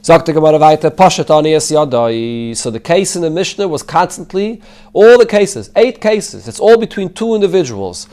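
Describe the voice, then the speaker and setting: A man's voice: a little high, a little mellow. A man, a rabbi, teaching a Talmud class, translating the text line by line and explaining it in English mixed with Hebrew and Yiddish terms. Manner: answers students' questions.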